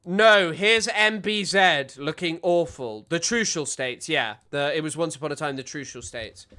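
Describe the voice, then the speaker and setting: A man's voice: a little high, normal speed, sharp tone, faint music behind. A male streamer giving casual, sardonic reaction commentary into a desk microphone.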